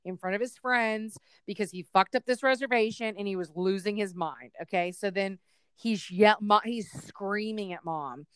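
A young woman co-hosts a chatty podcast, spinning a family story with lively delivery. Her voice is smooth and clear, slightly higher than middle. The sound is dry and close to the mic. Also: moderate pace, no room sound. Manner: animated, does loud voices of family members in her stories. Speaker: podcast co-host. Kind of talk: casual storytelling chat.

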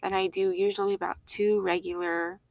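Woman co-host, casual chatter, gravelly edge, dry close mic. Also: medium pitch, level tone, a little fast, darkish tone, no echo. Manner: chatty, laughs often, many fillers. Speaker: podcast co-host. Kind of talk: casual chat.

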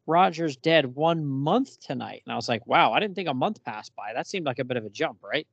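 A man co-hosting a casual podcast, talking through a comic book and reading its dialogue aloud with lively emphasis. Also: medium pitch, brisk, creaky, husky, no echo, highs cut off.

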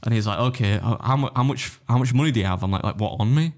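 Fast-talking man telling a story. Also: medium pitch. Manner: animated anecdote-telling, acts out other voices, swears freely, laughs often. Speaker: podcast guest, competitive eater. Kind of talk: casual storytelling chat.

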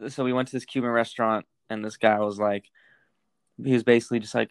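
A man's voice: mid-range voice, little pitch movement, quick pace, smooth, dry recording. A young man co-hosting a casual podcast, reading facts aloud and rambling into stories, with lots of swearing. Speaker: podcast co-host.

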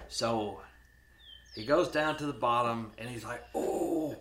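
A man in the host's chair, spinning a hunting yarn in a relaxed, folksy drawl. His voice sits at an ordinary pitch. The room gives it a noticeable echo, and a faint noise runs underneath. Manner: folksy, drawn-out storytelling with restarts. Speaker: podcast host. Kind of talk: casual storytelling chat.

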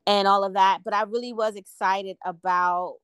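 A woman's voice: mid-range voice, steady tone, moderate pace, fairly bright tone, clear, resonant tone, no echo. A woman co-hosting a podcast, talking in a reflective, earnest casual way. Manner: reflective, earnest, many "like" fillers. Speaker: podcast co-host. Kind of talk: casual chat.

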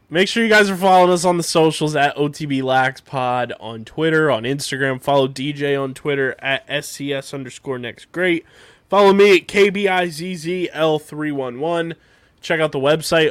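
Smooth, dry-voiced young man, podcast host. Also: a little high, a bit bright, no echo. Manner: dry interjections, brisk sign-off plugs. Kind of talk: casual chat and show outro.

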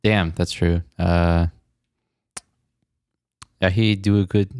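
A man's voice: deep voice, flat delivery, slow, darkish tone, clean tone. Young male podcast co-host, jokey, slips into bits. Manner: joking, jumps into silly voices. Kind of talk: casual chat.

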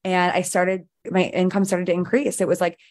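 A woman guest on a mentoring podcast, telling her story with animated emphasis and frequent "like"s. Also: fairly low pitch, normal speed. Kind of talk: energetic storytelling in conversation.

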